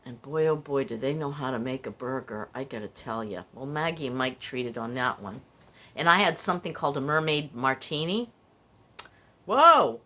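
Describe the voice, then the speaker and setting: A woman's voice: a bass voice, brisk, fairly bright tone. An older woman hosting a casual podcast, rambling and candid as she tells stories and confides her feelings. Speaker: podcast host. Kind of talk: casual personal chat.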